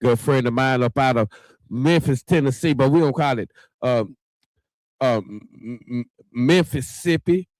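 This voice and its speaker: A man's voice: medium pitch, measured pace, darkish tone, dry recording. Male livestream host, folksy and chatty, talks straight to viewers, dry close sound. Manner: chatty, folksy, keeps addressing viewers as y'all. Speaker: talk show host. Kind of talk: casual livestream show hosting.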